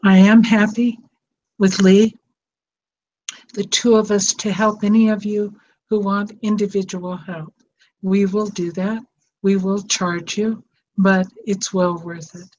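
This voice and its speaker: Brief: older woman host, warm rambling heartfelt chat, lo-fi recording with faint hiss. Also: mid-range voice, level tone, slow pace, long pauses. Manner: emotional, tender, rambling. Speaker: psychotherapist and show host. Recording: dull lo-fi sound with faint noise.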